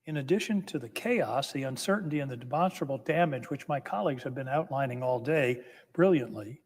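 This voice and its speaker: Speaking a little fast with lively intonation and a medium-pitched voice, a senator addresses the legislative chamber. The formal speech is impassioned and emphatic, building through repetition, and the big chamber's reverb lingers.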